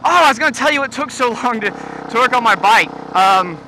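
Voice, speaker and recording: A man's voice: very high-pitched, lively intonation, a little fast, bright, forceful tone, poor audio. A man vlogging while riding a motorcycle at night, rambling in a scatterbrained, joking and profane way. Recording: heavy road and engine noise.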